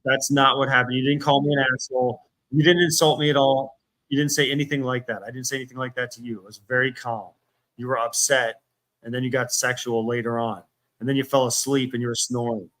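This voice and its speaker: A man's voice: mid-range voice, flat delivery, quick pace, fairly bright tone. A man arguing over the phone, exasperated and repetitive, swearing as he insists on what happened. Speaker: streamer. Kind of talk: heated one-sided phone argument.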